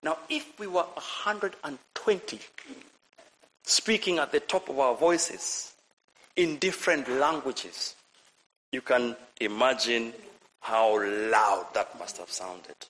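A man preaching a lively sermon, asking the congregation questions and repeating his phrases. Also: mid-range voice, takes it slowly, low-quality recording. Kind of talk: lively sermon with audience participation.

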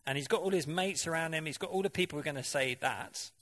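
Chatty preacher with a friendly lift. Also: male voice, a little high, fast, fairly bright tone. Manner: conversational, asks the congregation questions, playful mimicry. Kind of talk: sermon.

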